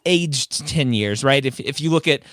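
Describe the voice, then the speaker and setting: A man's voice: mid-range voice, moderate pace, no room sound. Emphatic man hosting an advice podcast. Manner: emphatic, animated, rhetorical questions. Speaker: podcast host. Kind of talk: casual advice podcast chat.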